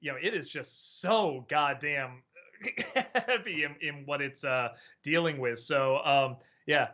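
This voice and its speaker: A man hosting a casual live-stream Q&A, thinking aloud with many pauses and restarts. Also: a little high, sharp tone, muffled recording. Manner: musing, hesitant, many ums and restarts. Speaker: host.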